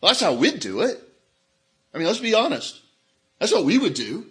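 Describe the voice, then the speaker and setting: A man preaching a sermon in an animated way, acting out the voices of people in the story he tells. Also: sits high, normal speed. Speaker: pastor.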